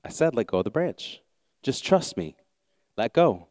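A man playing God in a story, calm, patient, unhurried, a touch lower than his own voice, smooth and close. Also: no room sound. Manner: slow, steady and reassuring.

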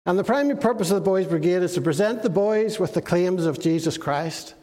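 A man giving a children's sermon in lively storytelling and putting questions to the children. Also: sits high, brisk, big-room sound. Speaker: minister.

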